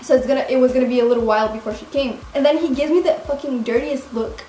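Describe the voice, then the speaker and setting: A woman's voice: sits high, quick pace, dark tone, slight background noise. A young woman vlogger telling a story dramatically, swearing a lot with many fillers. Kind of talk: storytime vlog. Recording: roomy echo.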